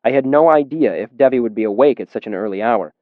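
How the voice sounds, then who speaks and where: Steady male audiobook narrator, lo-fi. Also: medium pitch, fast, dry recording. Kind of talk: scripted first-person narration. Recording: dull, dry lo-fi audio.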